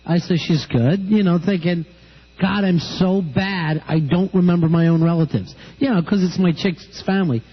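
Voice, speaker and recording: A man with a high, breathy-edged voice speaks at normal speed while hosting a radio show. He tells wry stories in casual banter, acting out the callers and people he describes, heard through a dull lo-fi broadcast.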